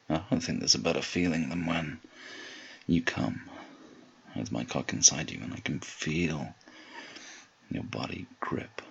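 A man in a whispered role-play, speaking in a slow, low murmur with a commanding, teasing manner. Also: expressive, gravelly, highs cut off, slight background noise.

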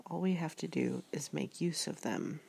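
A woman narrating an audiobook in a measured, reflective reading style. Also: low voice, gravelly, warm tone, breathy edge.

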